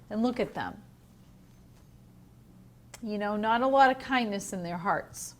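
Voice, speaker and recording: A woman teacher reading a picture book aloud to young children in a home learning video, gentle and asking the listener questions. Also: on the high side, slow, long pauses, a little hiss or hum. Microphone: home video recording.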